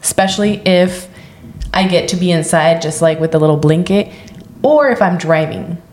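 A woman's voice: lowish voice, normal speed, darkish tone, reverberant. A woman in her thirties, a podcast co-host, chatting casually with lots of "like" and a lilt. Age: 30s. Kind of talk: casual chat.

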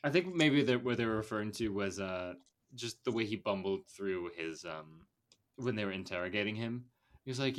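A man's voice: lowish voice, expressive, normal speed. Meandering man chatting about a film. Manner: meandering, lots of fillers and restarts. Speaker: podcast co-host. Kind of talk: casual film discussion.

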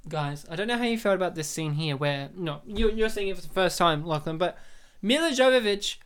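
A man hosting a podcast in rapid, rambling, joking casual chat. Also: sits high, animated, a bit bright, smooth. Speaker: podcast host.

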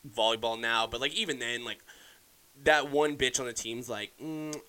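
A man's voice: medium pitch, normal speed, pushed and bright, clean tone. A young man hosting a podcast, ranting casually and heatedly, swearing constantly and often restarting his sentences. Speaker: podcast host. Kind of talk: casual solo podcast rant.

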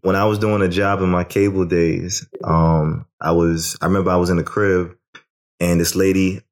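A man's voice: low-pitched, little pitch movement, normal speed. A man co-hosting a podcast, telling a story in casual chat and swearing freely. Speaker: podcast co-host.

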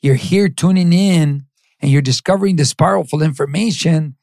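A middle-aged man from East Los Angeles, a podcast guest giving an animated motivational talk, acting out the voices in his stories and dropping in Spanish phrases. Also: fairly high pitch, normal speed, dry recording, studio quality.

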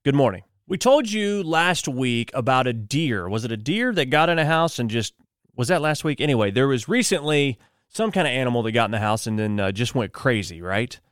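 A man's voice: fairly high pitch, clear, resonant tone, no room sound, clean studio sound. Chatty man hosting a morning podcast. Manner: chatty, joking, loose asides. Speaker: morning show host. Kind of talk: casual solo podcast talk.

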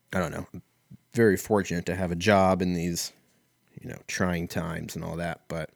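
A man's voice: sits low, no echo, studio quality. A man hosting a casual solo talk, rambling in a wry, profane way. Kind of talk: casual solo comedic rant.

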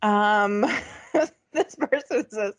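A woman's voice: medium pitch, extremely slow, no echo. A woman co-hosting a comedy podcast, reading out items with frequent swearing, laughter and mock disgust. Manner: profane, giggly, reads list items aloud with mock disgust. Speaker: podcast co-host. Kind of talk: casual comedic chat.

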